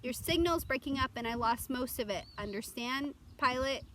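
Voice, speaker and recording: Woman voicing a calm radio operator man in a storybook reading, formal and clipped, pitched a bit high. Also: moderate pace, noisy background, natural voice.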